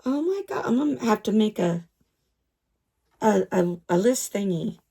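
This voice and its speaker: A woman's voice: mid-range voice, expressive, measured pace, dark tone, slightly rough. A woman vlogging in a casual chat about her doll collection, gushing, repeating herself and stumbling over names.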